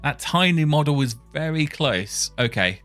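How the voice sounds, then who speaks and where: A man talking to himself while testing speech software, muttering and correcting himself as he goes. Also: a little high, animated, normal speed, faint music behind. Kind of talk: casual thinking-aloud coding session.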